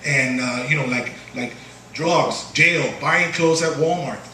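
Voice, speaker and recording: Halting stand-up comic in an echoey bar. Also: male voice, pushed and bright, distant mic, slight background noise. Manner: halting delivery full of uh and restarts, jumps high for quoted voices. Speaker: stand-up comedian. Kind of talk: stand-up comedy set. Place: small bar stage. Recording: echoey bar room recorded from afar. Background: bar crowd ambience and laughter.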